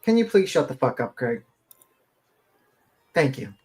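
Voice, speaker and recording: A man's voice: mid-range voice, big pitch swings, measured pace, darkish tone. A man doing a mocking impression of a two-faced woman streamer with an exaggerated Southern drawl who flips between sugary and cursing. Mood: snapping. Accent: mock Southern US.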